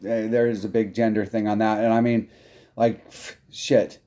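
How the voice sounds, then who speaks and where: A man's voice: on the low side, flat delivery, moderate pace, warm tone. An American man chatting casually while gaming, making self-deprecating jokes. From United States. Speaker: mobile game player.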